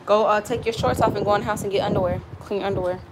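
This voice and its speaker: Cooking at home for her channel, a woman talks to viewers and her kids between steps in loose, slangy speech. Her medium-pitched voice is fairly even but racing, with heavy background noise, captured by a nearby phone camera that she sets down at times.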